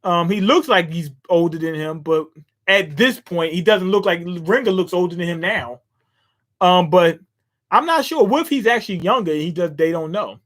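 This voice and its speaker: A man reading a comic aloud and commenting casually, with quick asides on the panels. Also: sits high, expressive, fairly bright tone. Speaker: manga reader and commentator. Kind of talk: casual read-through with commentary.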